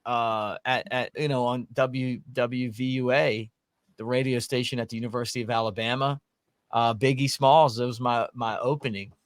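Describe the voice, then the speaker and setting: A man's voice: medium pitch, steady tone, moderate pace, no echo. Man, show host, folksy rambling talk, casual chat, dry close sound. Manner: rambling, folksy, many restarts. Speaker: podcast host.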